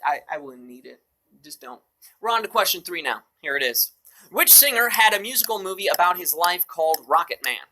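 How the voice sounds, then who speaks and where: A man's voice: high-pitched, animated, brisk, sharp tone. A man hosting a live mobile trivia game show, upbeat and joking with playful asides.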